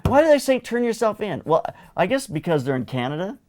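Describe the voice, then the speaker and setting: A male host in loose, jokey conversation who laughs often while he tells a story. His voice sits a little high for a man and swings widely in pitch, so he sounds animated. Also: a little fast. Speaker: show host. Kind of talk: casual co-hosted chat.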